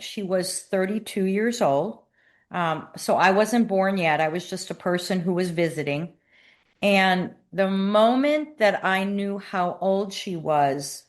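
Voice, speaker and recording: A woman guest and author speaking in a measured, thoughtful way in an interview. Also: medium pitch. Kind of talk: reflective interview talk.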